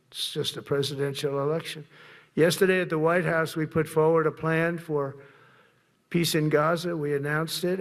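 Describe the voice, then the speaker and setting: Gravelly older man, rambling speech. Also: fairly high pitch. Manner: rambling, boastful, repeats himself. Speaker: political speaker. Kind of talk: rally speech.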